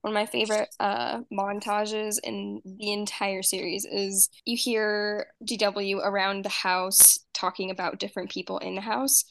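A young woman chatting casually, retelling a story with lively energy. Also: unhurried, vocal fry, few pauses, no room sound. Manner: animated storyteller, acts out quoted lines in high voices. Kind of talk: casual chat.

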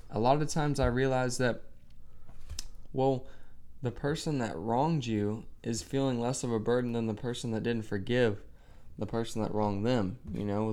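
Man, low voice, earnest co-host of a faith podcast, reads verses aloud. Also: a little mellow. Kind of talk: casual faith podcast chat.

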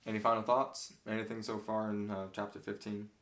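A man's voice: lowish voice, completely flat delivery, fairly quick, a bit bright, roomy sound. A man leading a casual Bible study discussion, talking earnestly and acting out preachy voices.

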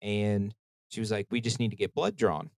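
A man's voice: on the low side, moderate pace, vocal fry, darkish tone, no room sound. Sweary casual podcast man, dry sound. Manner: profane, rambling storytelling. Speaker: podcast host. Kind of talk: casual chat.

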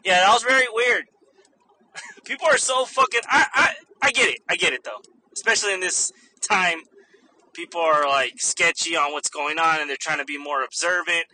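A man's voice: high voice, very animated, moderate pace, sharp tone. A young man, a store manager, animatedly telling a story in a casual vlog, swearing freely and laughing often.

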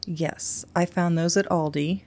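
A woman co-hosting a podcast in casual chat, playful and quick to laugh. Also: lowish voice, fairly even intonation, vocal fry, a little mellow. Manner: chatty, laughs often, playful. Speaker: podcast co-host.

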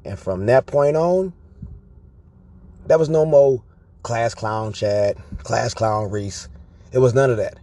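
A man telling personal stories to his viewers in an animated, profane, casual way, often checking in with "right?". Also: mid-range voice, slow pace, long pauses. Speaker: vlogger. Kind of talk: casual storytelling monologue.

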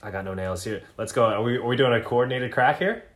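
A man's voice: mid-range voice, quick pace. A young man co-hosting a casual podcast, laid-back and given to repeating words as he talks. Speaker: podcast co-host. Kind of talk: casual chat.

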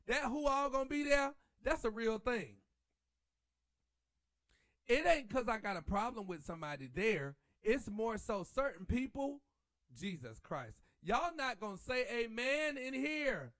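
Guy w a high voice hosting a show, dry close sound, gets all churchy n sings bits. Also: measured pace, no room sound. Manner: animated, preachy, sings church lines. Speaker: podcast host. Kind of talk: casual chat.

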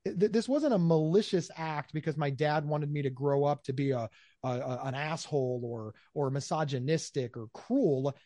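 Animated man talking in a dry room. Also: a little high, moderate pace, no echo. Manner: animated, acts out quoted voices, repeats words. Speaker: guest, mental health speaker. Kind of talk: conversational interview answers.

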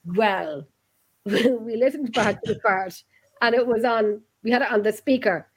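Woman co-host, giggly and chatty; a bit high, husky. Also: a little slow, poor audio. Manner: giggly, exclaims often. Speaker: podcast co-host. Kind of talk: casual chat.

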